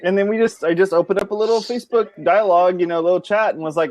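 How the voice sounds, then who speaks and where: A man hosting a casual panel chat, rambling and relaxed, with many fillers. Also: sits high, rapid-fire. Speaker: podcast host.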